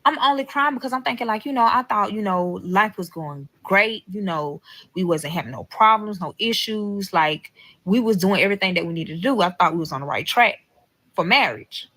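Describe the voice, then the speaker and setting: A woman's voice: medium pitch, expressive, normal speed, sharp tone, rough recording. Young woman, vlogger, blunt profane storytelling, talks to viewers. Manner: blunt, heavily profane, addresses viewers directly. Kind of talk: storytime vlog.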